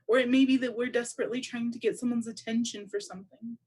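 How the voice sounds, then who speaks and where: A woman interpreting aloud for a deaf presenter at a public seminar, speaking in a measured, explanatory way. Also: on the high side, fairly even intonation, a little mellow, husky. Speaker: sign language interpreter voicing a deaf presenter.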